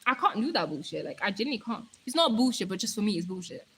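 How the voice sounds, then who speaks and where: A talkative young woman from Nigeria on a live stream, her bright, high voice swinging lively up and down. She rambles in a hyper, casual way and reads viewer comments aloud. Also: rapid-fire, husky, poor audio.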